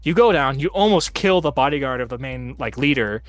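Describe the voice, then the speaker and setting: A man's voice: mid-range voice, animated, fairly quick, no room sound. A man hosting a casual gaming chat, telling long rambling stories full of "like" fillers. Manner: rambling storyteller, heavy use of "like". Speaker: host of a tabletop game stream.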